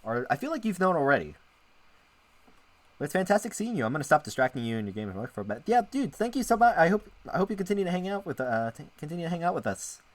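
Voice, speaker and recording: A man's voice: a little high, big pitch swings, fast talker. A man streaming as a VTuber, chatting casually with viewers as he plays and reads a visual novel, rambling and often interrupting himself. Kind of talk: casual live-stream chat while playing a visual novel.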